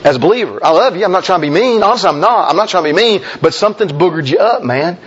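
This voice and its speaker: A man's voice: animated, rapid-fire, slightly rough, lo-fi sound. A man preaching a folksy, emphatic sermon as a pastor, talking straight to his congregation. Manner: folksy, emphatic preaching, mimics objectors in a high voice.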